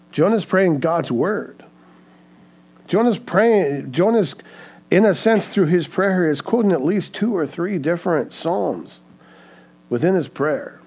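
A man's voice: a little high, a little mellow, slightly rough. A man preaching a sermon in an earnest way, often checking in with "right?". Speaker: pastor.

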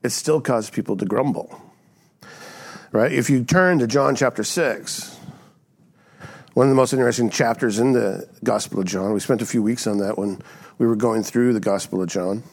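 A man preaching to a church congregation in a relaxed, conversational teaching manner. His voice sits at a middle pitch, and he keeps tossing out rhetorical "right?"s as he walks through the text. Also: normal speed. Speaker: pastor. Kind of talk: sermon.

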